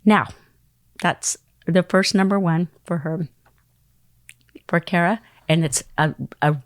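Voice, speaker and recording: A middle-aged woman spinning a lively anecdote as a podcast guest. Her voice sits a little low for a woman and comes across dry and close. She acts out other people's lines and sometimes drops into a whisper. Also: slow pace, no echo. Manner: acts out quoted voices and phone calls, dropping into whispers. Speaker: interview guest. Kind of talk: animated storytelling.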